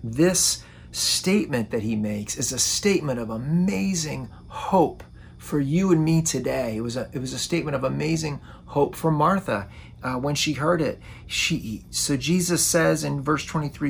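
A man's voice: a little high, moderate pace, vocal fry, slight background noise. A man preaching a sermon, earnest and often repeating words as he starts a phrase. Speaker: pastor.

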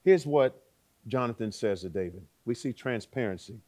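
A man preaching a sermon, with dramatic swings between loud exclaiming and hushed words and rhetorical questions to the listeners. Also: medium pitch, lively intonation, moderate pace.

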